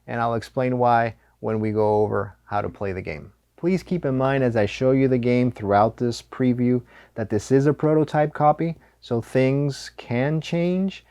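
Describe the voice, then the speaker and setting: A man's voice: mid-range voice, normal speed, few pauses, warm tone, clean tone, dry recording. A man hosting a board game preview, explaining the rules in a friendly, explanatory way.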